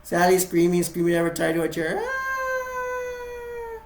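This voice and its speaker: A man's voice: fairly high pitch, monotone, fast talker, reverberant, noisy background. A man casually retelling a horror film scene by scene, rambling with restarts and acting out quotes in a raised voice. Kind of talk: casual acted-out retelling with toys.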